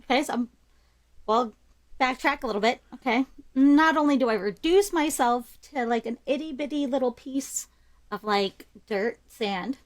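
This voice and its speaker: A woman's voice: high voice, moderate pace, rough recording. Giggly woman thinking aloud in a game. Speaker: player. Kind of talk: in-character storytelling in a tabletop game.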